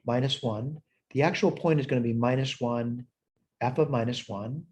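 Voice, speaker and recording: Slight background noise accompanies a math instructor's mid-range, darkish voice. He records a lesson walkthrough at a whiteboard, screen sharing, and thinks out loud while working problems step by step.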